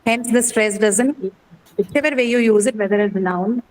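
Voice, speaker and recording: A woman's voice: fairly high pitch, moderate pace, slight background noise, low-quality recording. A woman teaching pronunciation in an online class, patient and step by step, repeating words and asking "okay?". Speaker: English teacher.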